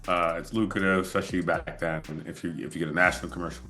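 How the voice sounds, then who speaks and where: Deep-voiced man telling a casual story. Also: fast, faint music behind. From moved to LA as an adult. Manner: relaxed storytelling, laughs often. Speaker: podcast host. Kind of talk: casual interview chat.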